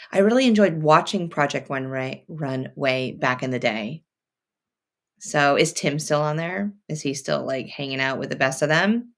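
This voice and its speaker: A woman hosting a sewing live stream, chatting and reading viewer comments aloud as she works. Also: low voice. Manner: thinks out loud, many fillers and restarts. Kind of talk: casual live-stream chat.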